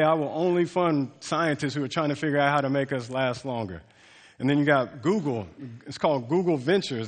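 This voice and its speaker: A male pastor delivers a sermon in a loose, conversational way, often restarting phrases and leaning on fillers. His voice sits a little high for a man. A long hall reverb trails behind his words. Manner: casual, conversational preaching with many fillers and restarts.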